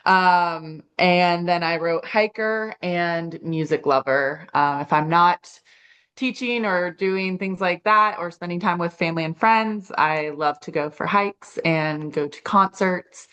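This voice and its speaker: Low smooth-voiced young woman. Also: steady tone, measured pace, a bit bright. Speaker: elementary teacher. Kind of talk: class introduction on a video call. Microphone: video call.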